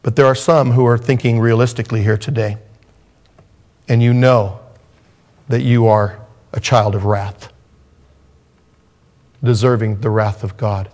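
A man preaching a sermon as a pastor, swinging from raised, intense passages down to hushed, soft ones. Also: medium pitch, fairly even intonation, measured pace, pauses often.

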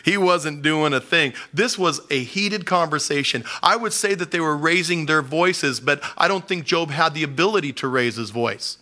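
A male pastor with a bright, forceful voice preaches a sermon. He talks in a relaxed, conversational way and laughs often. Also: a little high, moderate pace, few pauses. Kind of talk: sermon teaching.

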